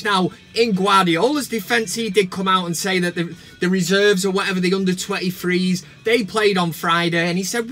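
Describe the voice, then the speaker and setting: Bloke ranting about football, high bright voice, faint music behind. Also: male voice. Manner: mocking, worked-up ranting. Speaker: football vlogger. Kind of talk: ranting fan commentary.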